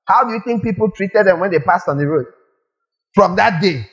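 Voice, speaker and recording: Male preacher, high voice, animated sermon, rhetorical questions, muffled lo-fi recording. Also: fairly quick.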